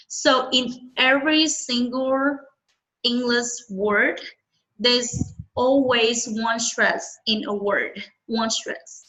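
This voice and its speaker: A woman's voice: a little high, bright, forceful tone, poor audio. A woman whose first language is Vietnamese, teaching English one-on-one and explaining patiently with frequent checking questions.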